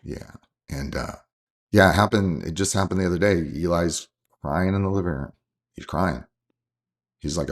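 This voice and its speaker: A man's voice: sits low, normal speed, long pauses. A man in his forties, a coach and father, talking earnestly and from the heart in a casual interview, often restarting his sentences. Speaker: coach and father, podcast guest.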